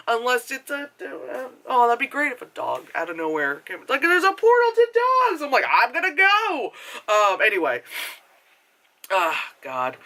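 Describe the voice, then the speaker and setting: Lively, bright-voiced rambling movie reviewer. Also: mid-range voice. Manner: animated, swears often, mimics other people; heavy filler words, goes off on tangents. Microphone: camera mic.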